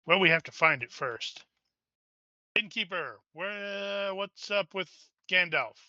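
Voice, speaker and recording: A man playing in a tabletop game, chatting casually with quick questions. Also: high-pitched, expressive, bright, forceful tone, dry recording, highs cut off. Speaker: player.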